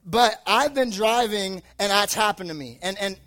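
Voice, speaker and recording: High-voiced young man preaching casually. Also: normal speed, a bit bright, a little hiss or hum. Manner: rambling, filler-heavy, joking storyteller. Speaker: youth preacher. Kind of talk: casual sermon with personal story. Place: live talk before an audience.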